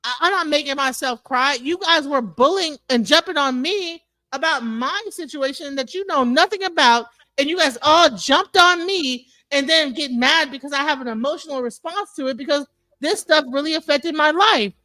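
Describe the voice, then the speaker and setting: A woman's voice: high-pitched, moderate pace, bright, forceful tone, no room sound. A woman on an open panel, arguing heatedly, repeating herself and swearing, calling the other man bro and sir. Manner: emphatic, repetitive, swears freely, says bro and sir. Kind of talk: heated argument.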